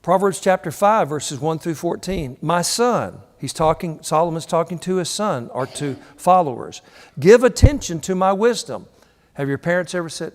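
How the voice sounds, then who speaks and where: An older man preaches with lively storytelling, slipping into quoted voices. His voice sits a bit high. The sound rings with the long reverb of a church hall. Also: moderate pace. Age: 60s. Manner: animated storytelling, acts out quotes with shifting voice. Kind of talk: sermon.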